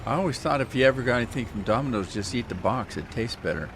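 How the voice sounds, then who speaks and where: A man chatting his way through a farming game stream, teasing his viewers and laughing at his own mistakes. His voice sits at an ordinary middle pitch, with a faint hiss of noise behind it. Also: animated, fast talker. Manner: chatty, self-mocking, talks to chat, hums while playing. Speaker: livestream gamer. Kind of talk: casual gaming livestream commentary.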